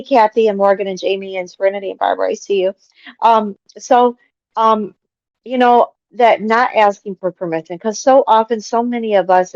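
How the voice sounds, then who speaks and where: Support-group facilitator, woman, mid pitch, encouraging, dry muffled call audio. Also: no room sound. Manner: warm, affirming, addresses group as you guys. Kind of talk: casual group-support chat. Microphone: video call.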